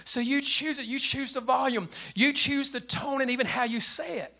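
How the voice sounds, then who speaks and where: An older man, a grandfather, preaching a sermon to his church in an animated, plain-spoken way. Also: normal speed. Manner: animated preacher with a light, high voice and plain speech. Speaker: pastor.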